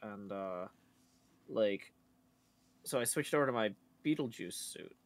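A man's voice: lowish voice, animated, measured pace. A man chatting casually on a live stream, rambling through stories with many fillers and restarts. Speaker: co-host on a stream. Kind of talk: casual chat.

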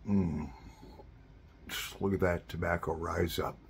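A middle-aged man with a gravelly, slightly low voice talks very slowly and easily as he hosts his pipe-smoking vlog. He murmurs savoring little asides between puffs. A faint hiss of noise sits under his voice. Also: fairly even intonation. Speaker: pipe smoking channel host. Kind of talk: slow relaxed vlog chat.

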